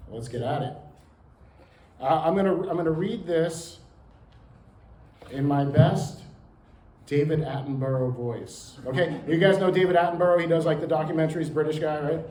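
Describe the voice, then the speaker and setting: A man's voice: on the high side, moderate pace, mellow. Jokey man lecturing in a roomy hall. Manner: jokey, chatty with the audience. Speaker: museum director and historian giving a talk. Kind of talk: public lecture. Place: lecture room with audience. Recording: roomy hall with faint ambience.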